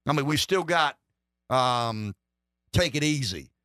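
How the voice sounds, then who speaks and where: A man's voice: medium pitch, lively intonation, takes it slowly, fairly bright tone, smooth, no echo, clean studio sound. A middle-aged man hosting a political talk radio show, rambling and wry, with lots of restarts. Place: radio studio.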